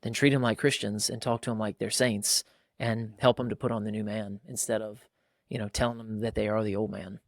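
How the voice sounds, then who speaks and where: A man in his thirties co-hosting a casual faith-based parenting chat, animated and acting out fathers and kids in quick voices. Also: on the low side, no room sound, studio quality. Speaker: podcast co-host.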